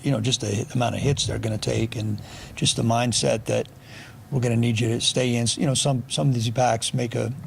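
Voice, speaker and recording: Gravelly-voiced blunt male football coach. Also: mid-range voice, steady tone, brisk, a little hiss or hum. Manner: blunt, dry, with sarcastic humor. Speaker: football offensive coordinator. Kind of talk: press conference answers.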